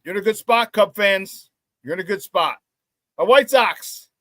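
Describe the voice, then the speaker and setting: A man hosting a casual sports talk show, telling stories excitedly with many restarts and repeated words. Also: high-pitched, normal speed, no echo.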